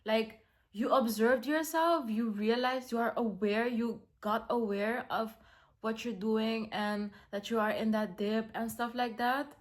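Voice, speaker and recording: A young woman vlogging casually, rambling with many fillers and dropping to a soft, calm tone for self-affirmations. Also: on the high side, measured pace. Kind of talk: casual self-talk vlog.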